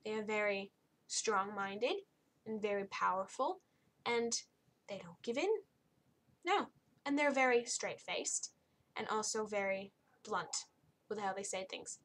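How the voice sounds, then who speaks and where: A woman's voice: medium pitch, a little slow, long pauses, a bit bright. A young woman giving a casual, blunt and exasperated spoken book review, rambling with frequent restarts.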